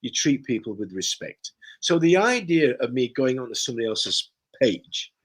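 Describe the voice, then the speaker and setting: A man's voice: medium pitch, sing-song, normal speed, breathy edge. A man, a guest author in a casual conversation, who tells stories animatedly and acts out the dialogue. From Yorkshire, England.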